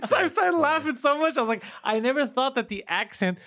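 Fast-talking Montreal comedian, dry mic. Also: male voice, extremely high pitch, lively intonation, fairly bright tone, no echo. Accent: Montreal Park Extension accent. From Montreal, Canada. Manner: rapid storytelling, swearing, laughs often. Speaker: comedian guest. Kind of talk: casual podcast chat.

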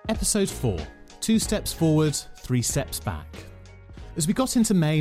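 A man's voice: on the high side, mellow. Dry self-mocking male narrator. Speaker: podcast host. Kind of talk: scripted narration.

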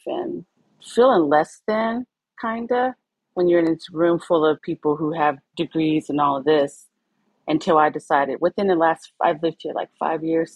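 A woman co-hosting a podcast who speaks in a soft-spoken, heartfelt way about herself. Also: low voice, dry recording, poor audio. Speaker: podcast co-host. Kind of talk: casual podcast chat.

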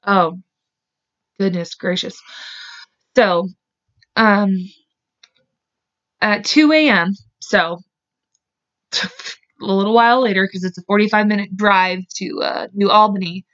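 A woman's voice: mid-range voice, takes it slowly, pauses often, fairly bright tone. An American woman hosting a true crime podcast, talking in a loose, chatty way full of "like" and "you know". She swears hard when she gets worked up. The recording sounds slightly dull, like a home setup. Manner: casual, heavy with "like", swears when angry. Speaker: podcast host.

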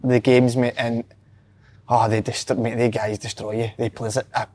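A man with a Scottish accent, chatting casually about football and telling lively stories, saying mate a lot. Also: mid-range voice, normal speed. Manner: animated storyteller, says mate often. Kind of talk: casual chat.

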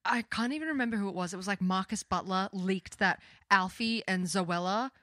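A young woman co-hosting a podcast, silly and excitable in casual chat, with casual swearing. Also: medium pitch, a little fast, no echo. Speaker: podcast co-host.

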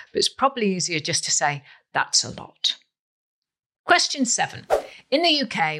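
A woman hosting a quiz podcast, playful and emphatic in a scripted read. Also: on the low side. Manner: playful, emphatic, lively delivery. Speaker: quiz host.

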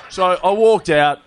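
A man's voice: high voice, background noise. A man with an Australian accent, telling a long funny story in casual chat, often laughing at his own tale. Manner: laid-back, laughing, self-mocking anecdotes. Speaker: comedian guest telling a story.

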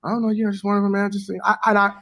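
A middle-aged man is telling a story as an interview guest, his voice a touch higher than most men's. He is animated and swears casually, and he acts out other people's lines as he goes. The delivery is relaxed and conversational. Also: rapid-fire.

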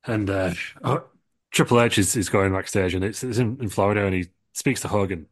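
A man's voice: lowish voice, a little fast, dry recording. A young man, a podcast co-host, telling an absurd comedy story in a rambling, sweary, restart-heavy way.

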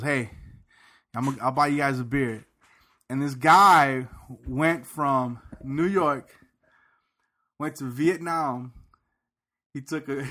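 A man co-hosting a podcast in casual chat, an animated storyteller who laughs often and repeats words as he talks. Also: mid-range voice. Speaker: podcast co-host.

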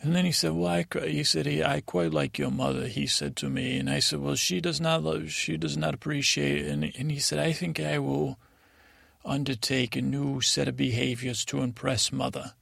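A man voicing a naive, dreamy young prince in a sleep story, rambling and halting with many restarts as he retells conversations. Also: fairly high pitch, flat delivery, creaky, a bit bright, breathy edge, no echo, studio quality, full character voice. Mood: wistful. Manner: halting and rambling, full of restarts and retold dialogue. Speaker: podcast host.

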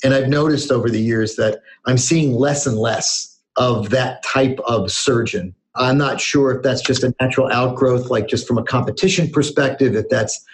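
A man's voice: mid-range voice, fairly even intonation, moderate pace, few pauses. A man hosting an interview, asking friendly, probing questions in a conversational way. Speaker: host.

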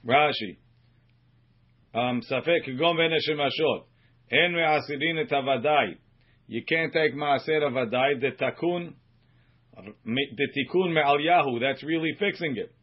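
Rabbi guy teaching talmud, reads the aramaic slow then explains fast in english, muffled lo-fi sound. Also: on the high side. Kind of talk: Talmud study lesson reading and translating. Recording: muffled lo-fi recording.

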